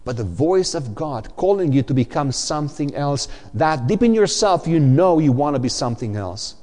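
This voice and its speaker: A man's voice: fairly high pitch, moderate pace, in a large hall. A middle-aged man preaching a Sunday sermon in a church, emphatic and repetitive as he quotes scripture. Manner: emphatic and repetitive, quoting scripture with lively vocal swings. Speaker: pastor.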